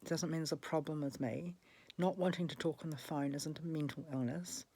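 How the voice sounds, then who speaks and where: A woman's voice: sits low, fairly even intonation, a little fast, dark tone, breathy edge. A woman, speaking in an angry, emphatic personal monologue, swearing and repeating herself for emphasis, with a cough at times. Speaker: vlogger.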